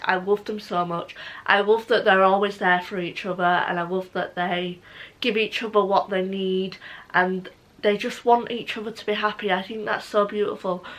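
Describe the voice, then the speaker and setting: In a casual reading vlog, a young woman book vlogger gushes emotionally, saying "like" a lot. Her voice is mid-range and a bit bright, captured on a rough recording.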